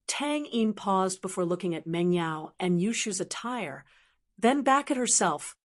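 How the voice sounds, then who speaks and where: Steady woman narrating an audiobook. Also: medium pitch, a little slow.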